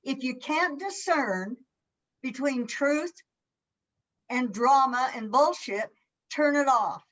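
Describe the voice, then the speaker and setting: A woman's voice: sits high, slow pace, pauses often, fairly bright tone, dull audio. A woman co-hosting a spirituality talk show, blunt and fiery, swearing freely in casual chat.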